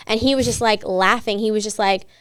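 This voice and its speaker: A woman co-hosting a podcast, telling a story in a casual, animated way with lots of filler words. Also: mid-range voice, fairly quick, clear, resonant tone, no echo, clean studio sound. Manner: animated, chatty, many fillers. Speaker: podcast co-host.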